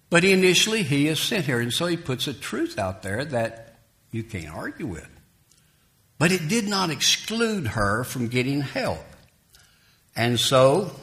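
A man preaching a sermon, emphatic and dramatic, voicing the people in the story as he retells it. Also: mid-range voice. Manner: lively, emphatic preaching, rising loud for quoted lines.

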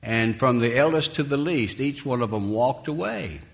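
A man's voice: medium pitch, normal speed, creaky. A man preaching a sermon, emphatic and dramatic, voicing the people in the story as he retells it. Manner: lively, emphatic preaching, rising loud for quoted lines.

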